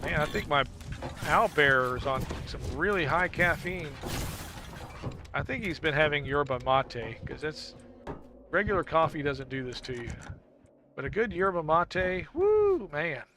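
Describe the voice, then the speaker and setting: A man streaming a video game, chatting casually and jokily with viewers, thanking them and breaking into laughs and sudden loud exclamations. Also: a little high, unhurried, long pauses, noisy background. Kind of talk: casual live-stream chat while gaming.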